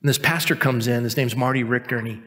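A male pastor in his fifties preaches in a church sanctuary with a medium-pitched, steady voice that is quick and sharp in tone. He tells a personal story in a casual, self-deprecating style, acting out the quoted voices of those involved.

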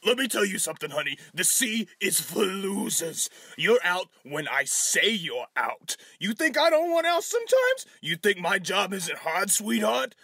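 A sleazy, gravelly aquarium boss. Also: male voice, sits high, sing-song, pushed and bright, no room sound, heavily acted. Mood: bossy. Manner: fast, bullying, wheedling.

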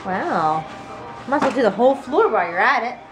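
A woman's voice: a little high, big pitch swings, a little fast, over music. A young woman, a mother, chatting casually to the camera in a family vlog. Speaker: vlogging mother.

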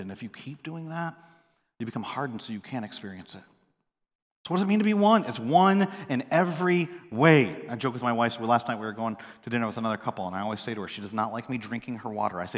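Pastor, male, mid-pitched voice, lively joking sermon delivery, long hall reverb. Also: fairly quick. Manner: lively and joking, swings from loud to hushed. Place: large church hall.

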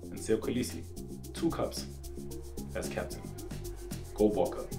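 A grand, ceremonial sports broadcaster, put on by a man, declaring a historic win in a low, booming voice. The sound is roomy and echoey, with music running clearly underneath. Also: slow. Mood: triumphant. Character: grand male sports broadcaster announcing a victory.

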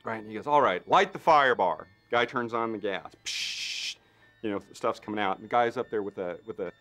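A man's voice: fairly low pitch, fairly quick, faint music behind. Chatty man spinning a filler-heavy story. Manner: animated storyteller, acts out others' lines with lots of fillers. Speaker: special effects artist. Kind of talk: anecdotal interview.

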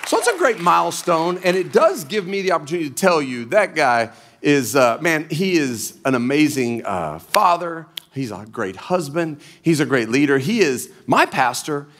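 A man's voice: medium pitch, a bit bright. A middle-aged man preaching a sermon from a church stage, with folksy, humorous storytelling. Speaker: pastor.

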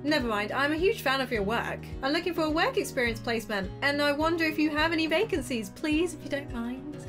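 A woman's voice: high-pitched, expressive, a little fast, music in the background. A woman voicing Katrina, an eager, overly polite teenage girl, in a cartoon story.

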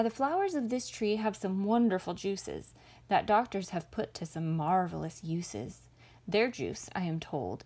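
A woman's voice: mid-range voice, darkish tone, exaggerated voice. A woman voicing a clever male rabbit who talks in a sly, persuasive way in a storybook read-aloud. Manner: sly, smooth-talking, persuasive.

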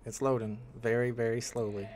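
A man's voice: medium pitch, level tone, a little fast, a little mellow, slight background noise. Man rambling casually on a livestream. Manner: rambling, thinks aloud, greets chat. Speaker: livestream host. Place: home.

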